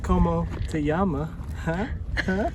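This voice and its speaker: A man's voice: fairly high pitch, a little slow, distant mic, noisy background. Playful man joking outdoors on camera. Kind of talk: casual on-camera vlog talk. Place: outdoors on a mountain ranch.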